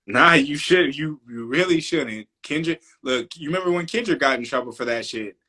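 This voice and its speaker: A man's voice: a little high, lively intonation, sharp tone, husky. A man co-hosting a casual podcast, cutting in with loose, profane remarks. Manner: loose, profane, quick interjections. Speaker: podcast co-host. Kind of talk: casual opinion chat.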